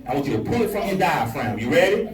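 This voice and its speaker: A man, a pastor and life coach giving a playful motivational keynote, rallying the audience to shout along. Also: a little high, very animated, fast, music in the background. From Alabama. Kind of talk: lively motivational speech to an audience. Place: large banquet hall with an audience. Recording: echoey hall, distant mic, audience noise.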